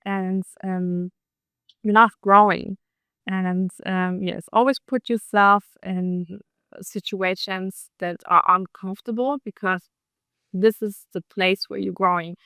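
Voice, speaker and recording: A woman speaking English as a second language with an accent, a podcast guest talking in a hesitant way, with many pauses and ums. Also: mid-range voice, steady tone, sharp tone, smooth, no echo. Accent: non-native English. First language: not English. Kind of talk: casual interview chat.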